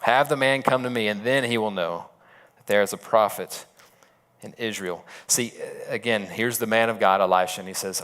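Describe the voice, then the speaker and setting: A man's voice: on the low side, normal speed, fairly bright tone. A man preaching a sermon as a pastor, retelling a story in a casual, conversational way with asides.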